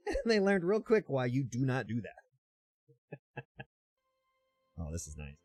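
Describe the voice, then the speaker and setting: A man's voice: mid-range voice, huge pitch swings, takes it slowly, a little mellow, no echo, faint music behind. Wry chuckling man reacting to clips. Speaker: reaction video host. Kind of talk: casual reaction commentary.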